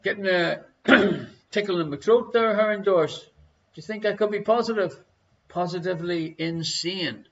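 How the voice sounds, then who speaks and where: A man's voice: high voice, normal speed, highs cut off. An Irish man hosting a live online quiz from his living room, reading questions and answers with a jokey, chatty manner. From Ireland. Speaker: quiz show host.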